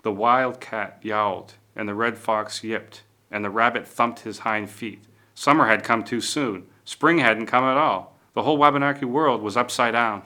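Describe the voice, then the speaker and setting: A man narrating a storybook tale in a measured, lively read-aloud manner. His voice sits low but has a bright, forceful edge.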